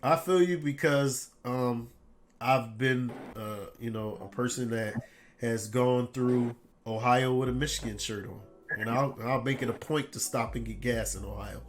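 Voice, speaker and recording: A man hosting a gaming podcast, chatting casually and telling animated, profane stories in which he loudly imitates other people. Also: medium pitch, measured pace, soft background music. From Detroit area. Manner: animated storyteller, swearing, loudly imitating callers. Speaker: podcast host. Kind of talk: casual chat.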